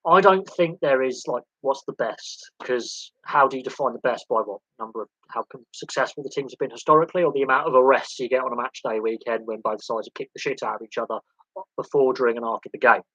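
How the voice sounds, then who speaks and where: A man's voice: medium pitch, fast, fairly bright tone, breathy edge, dry recording, lo-fi sound. A man hosting a casual sports livestream, rambling and opinionated as he jumps from one example to the next. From England.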